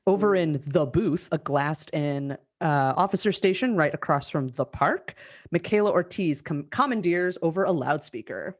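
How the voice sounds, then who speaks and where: A woman hosting a live script reading over a video call, reading the stage directions in a brisk, amused way. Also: deep voice, animated.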